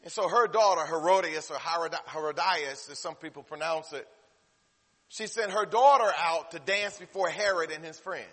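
A man preaching a sermon, dropping to hushed low passages and then building to loud, emotional peaks. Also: normal speed, slightly rough. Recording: long hall reverb.

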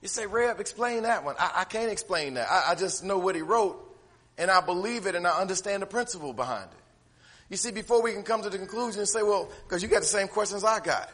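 A man preaching a sermon as pastor, folksy and conversational, moving from quiet asides to loud shouted lines. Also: high voice, animated, quick pace. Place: church sanctuary. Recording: echoey hall.

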